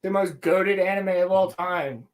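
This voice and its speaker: A young man co-hosting a casual podcast, talking about anime in an excited, rambling, slang-heavy way. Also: high voice, measured pace. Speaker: podcast co-host. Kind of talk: casual chat.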